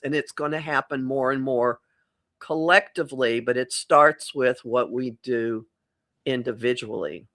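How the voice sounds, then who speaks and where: A woman's voice: rumbling low, a little slow, a bit bright. A middle-aged woman astrologer, a podcast guest, talking reflectively and rephrasing mid-thought. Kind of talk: casual conversational podcast.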